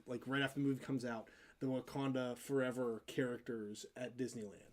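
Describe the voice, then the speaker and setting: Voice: mid-range voice, level tone, brisk. A co-host of a casual livestream show, chatting in a rambling way with frequent restarts and brief playful put-on voices.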